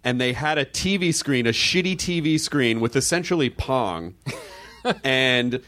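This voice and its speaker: A man from the United States hosting a casual interview, telling stories in an animated way and laughing often. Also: medium pitch, a little slow. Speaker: podcast host.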